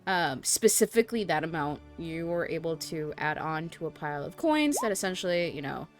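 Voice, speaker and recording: A woman's voice: deep voice, expressive, fairly quick, faint music behind. Chatty young woman hosting a game stream. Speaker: stream host and player. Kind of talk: casual chat wrapping up a stream.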